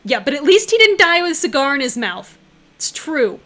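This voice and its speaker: A woman streamer reacting casually to a visual novel, loud and exclaiming, with swearing and laughter. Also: sits high, sing-song, moderate pace.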